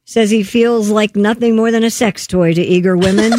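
A woman's voice: mid-range voice, fairly even intonation, moderate pace, background noise. A woman host reading odd news stories aloud on a talk show, cutting in with jokes and laughs. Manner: reads stories aloud, breaks off to joke and laugh. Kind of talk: reading offbeat news with banter.

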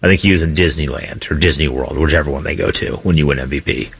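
Very deep husky man on sports radio. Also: fast, a bit bright. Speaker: radio co-host.

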